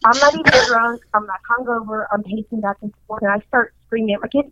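Excitable, foul-mouthed woman with a high voice. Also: fast, no room sound. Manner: profane, excitable, acts out panicked quotes. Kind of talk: casual storytelling chat. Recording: dull lo-fi dry recording.

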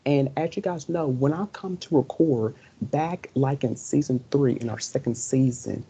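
Gravelly, husky young man, heartfelt podcast talk. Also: medium pitch, moderate pace, mellow. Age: young adult. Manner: earnest, emotional, repeats himself a lot. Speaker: podcast co-host. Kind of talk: casual podcast chat. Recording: dull lo-fi recording.

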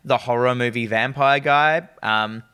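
A man co-hosting a casual film chat, enthusiastic and animated, swearing casually as he retells favourite scenes. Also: medium pitch, a little slow, clean tone. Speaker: podcast co-host.

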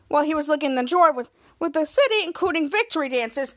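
A woman's voice: sits high, animated, quick pace. A woman hosting a podcast, casually recapping a TV episode scene by scene and quoting the characters' lines as she goes. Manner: retells scenes by quoting characters, with restarts and "cut to".

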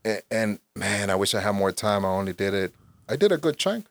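A man in his forties, a guest in casual conversation, telling stories in an animated, profane way and saying "bro" constantly. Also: fairly low pitch, a little fast, vocal fry, dry recording. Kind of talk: casual storytelling.

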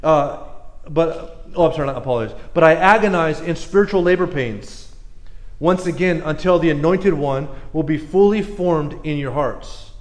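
A man preaching a sermon in a casual, animated way, joking and calling on people in the room. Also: on the high side, normal speed, echoey room. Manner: casual, animated, laughs often, talks to audience members. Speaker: pastor.

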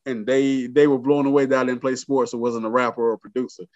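A man's voice: mid-range voice, fast. A man who is a guest, telling a personal story in casual talk and acting out the people in it. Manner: animated storyteller who acts out voices in quotes. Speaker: guest, military veteran and artist. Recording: dull lo-fi sound.

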